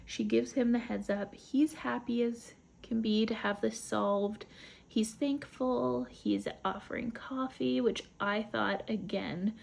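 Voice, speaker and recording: Chatty woman with vocal fry. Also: on the high side, steady tone, slow, darkish tone. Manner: chatty, rambling retelling with asides. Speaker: book club vlogger. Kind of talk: casual book recap.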